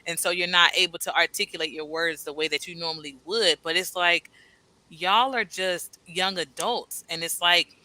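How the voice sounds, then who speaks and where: Lady hosting a live chat, super bright voice, animated, reads comments out loud and laughs a lot. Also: fairly low pitch, normal speed, no room sound, poor audio. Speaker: host. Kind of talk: casual live-stream chat, reading comments.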